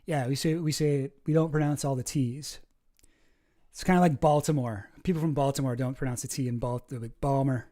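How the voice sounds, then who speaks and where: A man's voice: mid-range voice, steady tone, a little fast, dark tone. A young Canadian man with a Canadian accent, chatting casually on a live stream and answering his chat, rambling with lots of fillers and restarts.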